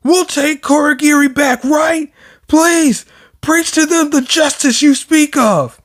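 A man voicing a shouting, fanatical villain follower from a manga, in a strained high voice. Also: slow. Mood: fervent.

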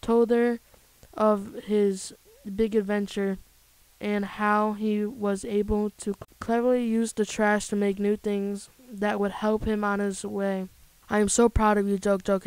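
A woman reading a children's story aloud in a plain, gentle storytelling way. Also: mid-range voice, flat delivery, unhurried, clear, resonant tone, no room sound, low-quality recording. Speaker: storybook reader.

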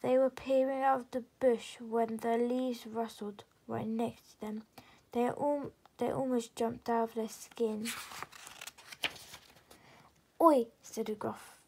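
A woman reading a children's chapter book aloud as storyteller, steady with small slips. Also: on the high side, measured pace, breathy edge, rough recording.

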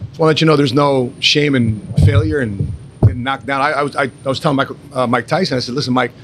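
A man's voice: mid-range voice, quick pace, background noise. A man hosting a roundtable, speaking straight to viewers in a direct, motivational way. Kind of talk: addressing viewers in a talk.

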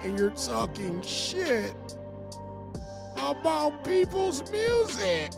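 A man putting on a mocking falsetto voice as a whiny, complaining woman, drawing out the words. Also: sing-song, gravelly, over music, full character voice. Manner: drawn-out, squeaky falsetto delivery.

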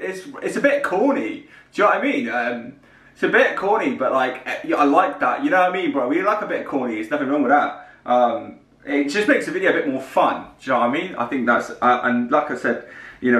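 Bright-voiced man chatting slangily. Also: a little high, recorded from a distance. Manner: slangy, chatty, keeps asking the viewer for agreement. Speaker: reaction video host. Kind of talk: casual reaction commentary. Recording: echoey room with loud pop song playing. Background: loud dance-pop music.

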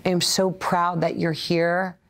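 Lively storyteller woman. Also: on the low side, unhurried. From Brooklyn, USA. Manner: animated, acts out quoted voices. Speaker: interview guest, former player and coach. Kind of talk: storytelling interview.

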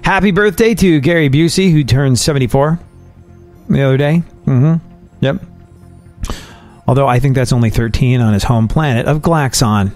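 A man's voice: mid-range voice, normal speed, pauses often, darkish tone, faint music behind. A man hosting a solo podcast, talking in a chatty, wry way with asides and jokes. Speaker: podcast host.

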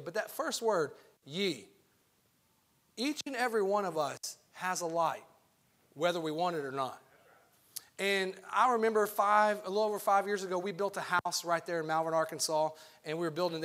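A man's voice: on the high side, fairly bright tone. A young man, preaching earnestly as a guest youth pastor, casual and full of restarts. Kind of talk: sermon.

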